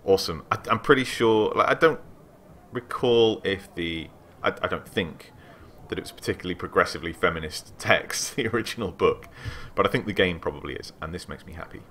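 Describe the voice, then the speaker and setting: A man hosting a let's play, reading game text aloud with excited asides. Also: low-pitched, brisk, a little hiss or hum.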